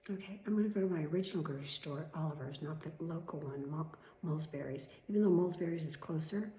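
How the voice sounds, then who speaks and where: A woman venting in a casual vlog, swearing freely and swinging between loud outbursts and whispered asides, a little chesty. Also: low-pitched, fast, roomy sound. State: coughing, chesty. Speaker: vlogger.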